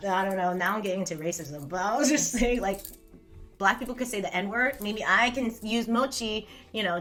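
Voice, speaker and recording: A woman's voice: medium pitch, pushed and bright. A woman in her thirties from California, hosting a casual live stream, reading chat aloud in a rambling, giggly, self-mocking way. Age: 30s.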